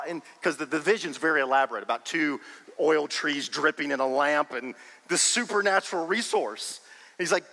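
A man preaching a sermon as pastor, emphatic and animated, often breaking into laughter. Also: a little high, fairly quick, in a large hall, rough recording.

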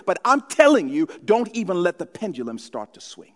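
A man preaching a sermon from the pulpit, telling stories in an animated way. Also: high voice, fairly quick, long reverb tail. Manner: storytelling, animated. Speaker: pastor.

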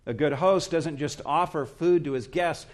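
A man preaching an expository sermon, earnest and emphatic, speaking in short, measured phrases. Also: a little high. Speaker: pastor.

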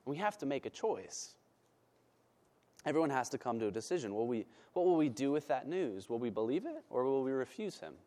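A man preaching a sermon as pastor, emphatic and repeating words for stress, then praying in a soft, slow voice. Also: medium pitch, big pitch swings.

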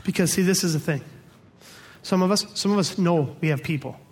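A man preaching a sermon as pastor, telling a story with lively quoted voices. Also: high-pitched, a little fast, husky. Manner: storytelling, animated quoted voices, laughing audience.

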